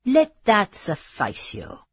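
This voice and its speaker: A woman voicing a cold, domineering man who rules a castle, speaking slow and curt. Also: medium pitch, wildly swooping pitch, slightly rough, full character voice. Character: cold, domineering older male castle lord.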